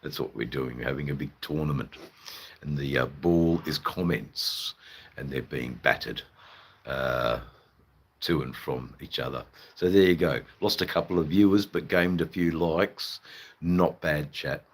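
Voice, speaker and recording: A man's voice: extremely low pitch, unhurried, slightly rough. An Australian man chatting casually and ramblingly to his live-stream viewers, swearing now and then.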